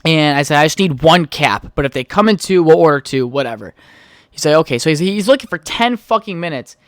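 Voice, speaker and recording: A man's voice: fairly high pitch, animated, a little fast, no echo, clean studio sound. A young man hosting his own podcast, telling a heated, profane story in a casual rant. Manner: profane, heated storytelling, trails off while texting. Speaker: podcast host.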